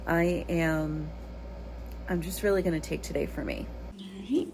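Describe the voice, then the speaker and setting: Chatty woman with a gravelly voice. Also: sits low, fairly even intonation, moderate pace, noisy background. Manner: chatty, rambling, talks straight to viewers. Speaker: lifestyle vlogger and mother. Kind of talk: casual vlog chat to camera.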